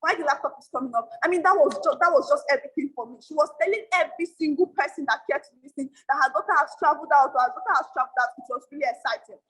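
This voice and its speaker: A woman's voice: sits high, very fast, hardly any pauses, a bit bright, poor audio. A young Nigerian woman in her early twenties giving an emphatic motivational talk to an audience, repeating key lines for effect. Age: young adult. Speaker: motivational speaker.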